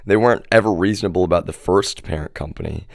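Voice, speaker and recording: A man's voice: deep voice, fast talker, vocal fry, dry recording, studio quality. A man livestreaming from home, delivering a profane, agitated monologue to his viewers and addressing them again and again as "y'all". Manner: profane, repeatedly says "y'all". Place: home residence.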